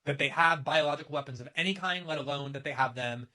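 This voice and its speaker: A man's voice: a little high, quick pace, sharp tone. A man delivering an emphatic, sharply critical political commentary to camera. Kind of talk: scripted commentary video.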